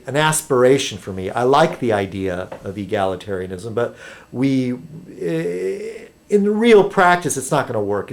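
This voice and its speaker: Rambling man with a lively voice. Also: medium pitch. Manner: rambling, chatty, lots of ums and restarts. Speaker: video blogger. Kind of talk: rambling webcam chat.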